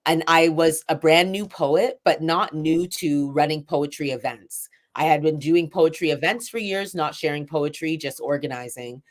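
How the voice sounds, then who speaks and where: A woman who writes spoken word poetry and runs poetry events, talking candidly and a little rambling in an interview, with fillers and soft laughs. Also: sits low, normal speed, hardly any pauses. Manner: self-described shy. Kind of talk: reflective interview conversation.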